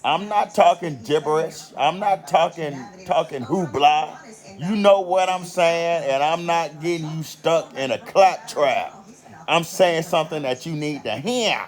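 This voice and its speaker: A man's voice: on the high side, a little slow. A man with an American country accent ranting in a heated, profane monologue. He swears constantly and repeats himself for emphasis. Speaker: commentator.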